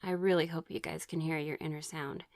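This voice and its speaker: A woman's voice: sits low, fairly even intonation, fairly quick, darkish tone, dry recording, clean studio sound. A woman telling her own experiences in a casual, rambling way, full of fillers and restarts, now and then reading from her notes. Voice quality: occasional throat clearing. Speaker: vlogger sharing personal experiences. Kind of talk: casual personal storytelling.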